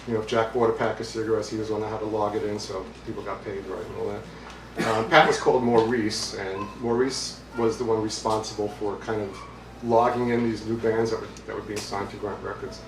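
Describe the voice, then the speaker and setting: A man's voice: lowish voice, level tone, fairly quick. A middle-aged male author from Brooklyn reads from his book at a bookstore. He breaks off into hesitant, chatty asides. The sound is roomy and distant, with faint room noise. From Brooklyn, New York. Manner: conversational, hesitant with fillers, amused. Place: bookstore, indoors, with audience. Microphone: distant mic.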